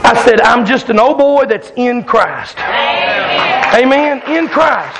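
A man preaching a fiery sermon, loud and hollering, calling out to his congregation in a church. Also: very high voice, animated, slow, over a noisy crowd, heavy background noise. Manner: loud, hollering Southern-style preaching with call-outs to the congregation. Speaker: pastor.

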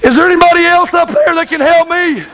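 A man's voice: very high-pitched, fairly even intonation, fast talker, fairly bright tone, slight background noise, pitched above the performer's own voice. A man preaching a sermon voices a frantic man hanging from a vine on a cliff, pleading for help. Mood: panicked. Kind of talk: acted story in a sermon.

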